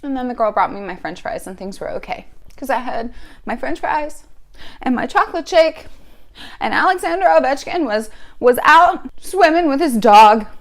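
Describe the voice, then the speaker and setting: Sports fan lady venting, highish voice that jumps all over, swears a lot, wry. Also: normal speed. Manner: animated, profane, wry storytelling. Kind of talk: casual fan reaction rant.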